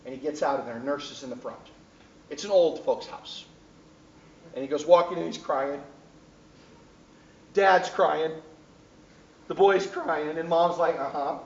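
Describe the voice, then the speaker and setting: A man's voice: a little high, unhurried, pauses often, a little mellow, recorded from a distance. A man teaching a class, telling a story and often checking in with his students. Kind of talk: classroom lecture. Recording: echoey classroom taped from afar, dull.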